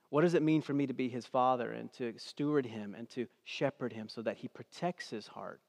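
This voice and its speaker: A middle-aged pastor delivers a church sermon, his medium-pitched voice dropping to near-whispers and then rising to loud, forceful declarations. Long hall reverb fills the recording.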